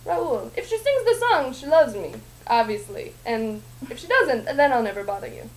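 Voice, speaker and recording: A woman's voice: on the high side, very animated, moderate pace, poor audio. A woman doing a smug scheming man striking a deal. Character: scheming masked male composer making a bargain.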